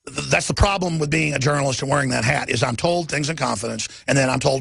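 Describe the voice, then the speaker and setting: A man's voice: medium pitch, quick pace, gravelly, fairly bright tone, slightly rough, no echo. A middle-aged man hosting a talk radio show, ranting in an agitated monologue full of rhetorical questions.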